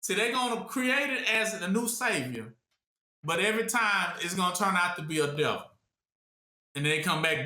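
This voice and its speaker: A man preaches in a loose, repetitive way, leaving questions hanging for his listeners to complete. His voice sits high and sounds bright and sharp. The recording carries a roomy echo. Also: expressive, moderate pace. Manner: asks rhetorical questions for the listeners to finish. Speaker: Bible teacher. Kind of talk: call-and-response Bible teaching.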